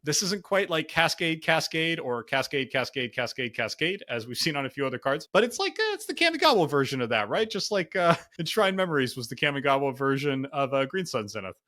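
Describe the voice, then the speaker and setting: A man's voice: a little high, very animated, fast talker, hardly any pauses, pushed and bright. A man co-hosting a casual card game review podcast, thinking aloud with lots of fillers. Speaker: podcast co-host.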